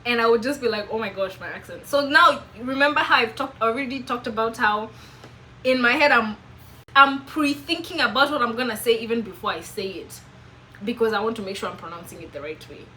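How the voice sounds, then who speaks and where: Young Kenyan woman, bright voice, earnest and questioning, faint background hiss. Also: on the high side, a little fast, rough recording. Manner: earnest, questioning, self-reflective. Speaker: vlogger. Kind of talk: reflective personal vlog monologue.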